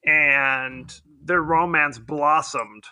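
A man co-hosting a podcast, rambling and joking in casual movie chat, quick to laugh. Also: a little high, sharp tone, no room sound. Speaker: podcast co-host.

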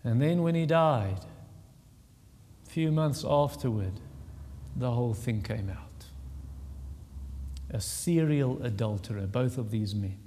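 A pastor preaching a sermon, earnest and emphatic, repeating words for stress. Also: male voice, mid-range voice, expressive, slow pace, pauses often, dark tone, slight background noise. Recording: long reverb of a large hall.

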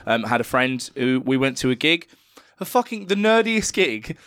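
A man's voice: medium pitch, normal speed, clean tone, dry recording, clean studio sound. Sweary British man telling stories. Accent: British English. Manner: sweary, animated storytelling. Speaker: podcast co-host. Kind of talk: casual chat.

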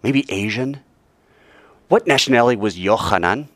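A man teaching a Bible class, animated and quizzing the class with questions. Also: fairly low pitch, normal speed, dry recording.

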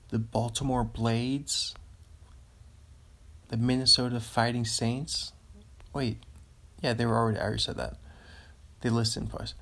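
Slow, gravelly man hosting a podcast. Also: medium pitch, fairly bright tone. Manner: rambling and easily amused, chuckling as he reads. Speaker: podcast host. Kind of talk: casual solo podcast, reading aloud.

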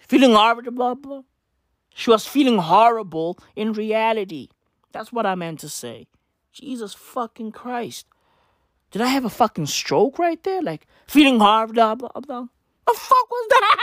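A woman's voice: on the low side, no room sound, studio quality. A woman giving a casual commentary rant, sarcastic and full of slang and swearing, who keeps asking "right?". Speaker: commentary vlogger.

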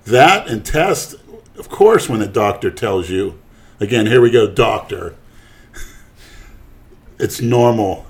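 A man co-hosting a crude, casual podcast chat, blunt and boastful, jumping louder when he stresses a point. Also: medium pitch, very animated, slow pace, pauses often. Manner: blunt, boastful, swings loud on emphasis. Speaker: podcast co-host.

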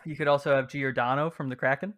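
A man's voice: medium pitch, steady tone, fast, a bit bright. A man co-hosting a casual sports podcast, easygoing and teasing. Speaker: podcast co-host.

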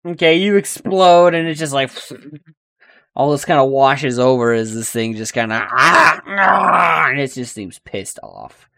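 A man's voice: medium pitch, a little slow, creaky, dry recording, studio quality. A man running a tabletop game as game master, narrating the fight and swearing freely. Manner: swearing, laughing, lively narration.

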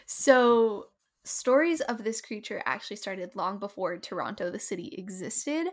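A young woman co-hosting a podcast, chatting casually and laughing often. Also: mid-range voice. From New Jersey family roots. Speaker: podcast co-host. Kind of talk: casual chat.

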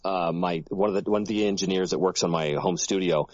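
A man's voice: deep voice, brisk, dry recording, lo-fi sound. A middle-aged man from Canada with a General American accent, a voice actor chatting casually, telling stories and laughing often. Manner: relaxed storyteller, laughs often. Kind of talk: casual podcast chat.

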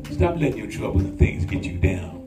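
With a gravelly, fairly low voice, an older pastor preaches a little fast and very animatedly. He keeps it colloquial and emphatic, calling out to the congregation for responses, all in an echoey room with loud guitar music.

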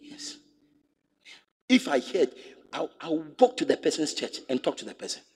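A middle-aged man with a Ghanaian English accent, a bishop preaching a sermon, who repeats his phrases and rises to shouts. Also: fairly high pitch, sing-song, moderate pace, creaky, husky, in a large hall. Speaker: bishop and pastor.

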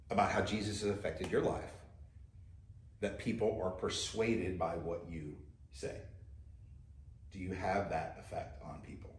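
A man's voice: lowish voice, reverberant. A man preaching a sermon as pastor, talking conversationally and putting direct questions to his listeners.

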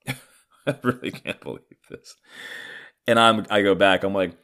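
A man's voice: fairly low pitch, unhurried, long pauses. A man in his thirties telling a personal story in a casual, profane, filler-heavy way. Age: 30s. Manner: profane, animated, frequent fillers.

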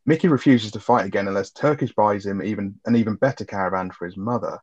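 A man co-hosting a film review podcast recaps the plot in a laid-back, casual chat, swearing freely. His voice sits on the low side and is slightly rough, and he talks at a quick pace. The recording has a dull lo-fi sound.

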